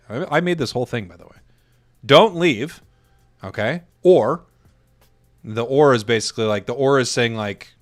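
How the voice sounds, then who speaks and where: A man's voice: mid-range voice, expressive, soft background music. Man caster ranting in mock outrage. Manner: mock-outraged joking, riffing on chat messages; stammering restarts, quick laughs. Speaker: esports tournament caster. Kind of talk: playful live-stream chat during a break.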